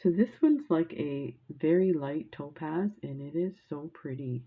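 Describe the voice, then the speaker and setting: A woman's voice: sits low, measured pace, breathy edge, narrow, tinny audio. A woman chatting casually while showing off craft supplies, rambling into a childhood story and gushing over sparkle. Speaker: crafting vlogger.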